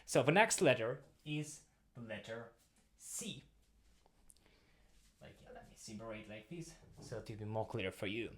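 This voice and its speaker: A man with a Russian accent teaching the alphabet in English, in halting phrasing, pausing to sound out letters again and again. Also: lowish voice, slight background noise. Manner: non-native English, halting phrasing, repeats sounds aloud. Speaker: language teacher. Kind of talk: explaining at a whiteboard.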